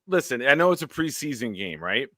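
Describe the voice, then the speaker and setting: A man hosts a casual sports talk livestream. He talks in an animated, joking way and slips into silly voices. His voice is bright and forceful, recorded dry and close. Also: medium pitch, fairly quick, dry recording. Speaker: podcast host.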